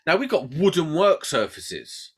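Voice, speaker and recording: British male podcast host; animated storyteller who shouts out quoted lines. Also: a little high, measured pace, husky. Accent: British English. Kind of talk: casual chat.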